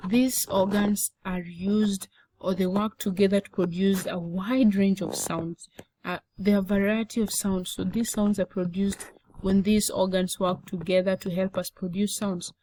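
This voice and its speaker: A woman's voice: medium pitch, fairly even intonation, a little slow, dark tone, low-quality recording. A young adult woman teaching a lecture-style lesson, often repeating words and checking in with "okay?". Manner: repetitive, frequent "okay?" check-ins. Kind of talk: explanatory classroom lecture.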